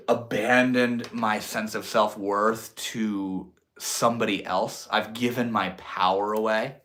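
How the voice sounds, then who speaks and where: Casting: young male streamer, slow unhurried delivery, casual swearing, reflective. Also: lowish voice, a bit bright. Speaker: livestream host. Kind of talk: casual livestream talk.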